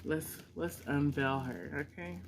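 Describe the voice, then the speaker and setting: A woman's voice: deep voice, a little slow, gravelly, background noise. A middle-aged woman vlogging an unboxing at home, gushing and emotional with frequent exclamations. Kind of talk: casual unboxing vlog.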